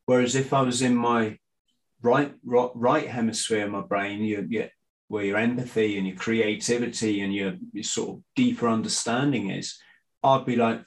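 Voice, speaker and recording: A middle-aged man, a guest in a casual conversation, talking in a halting way with frequent restarts and fillers. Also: lowish voice, steady tone, rough recording. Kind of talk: casual conspiracy chat.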